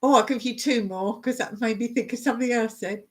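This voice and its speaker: A woman's voice: on the high side, fairly quick. A woman chatting casually on a live stream, laughing as she rants about her pet peeves. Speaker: vlogger hosting a live stream.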